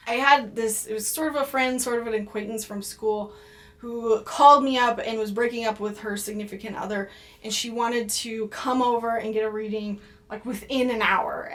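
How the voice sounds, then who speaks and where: A young woman talks casually to her viewers, giving advice on doing psychic readings. Her voice sits a little high, and her talk is loose and chatty, full of ums and likes. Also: fairly bright tone.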